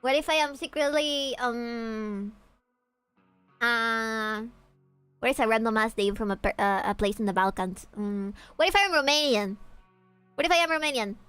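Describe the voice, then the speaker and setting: A young woman chatting on a gaming stream, her voice sitting fairly high. She jokes, teases and swears freely with her viewers. The sound is close and dry, with faint music underneath. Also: moderate pace, fairly bright tone, clean tone, no echo. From Peru. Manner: joking, teasing, profane, reacting to chat. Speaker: VTuber streamer. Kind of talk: casual gaming stream chat.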